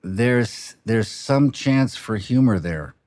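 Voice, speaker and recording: A film director speaking reflectively in an interview, halting and soft-spoken, with frequent restarts and trailing pauses. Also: male voice, mid-range voice, lively intonation, noisy background.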